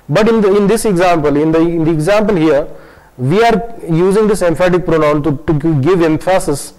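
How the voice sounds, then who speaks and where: A man teaching a grammar lesson online, often pausing on fillers and restarting his sentences. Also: a little high, a little mellow, low-quality recording. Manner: hesitant, many fillers and restarts, switches into Hindi to explain.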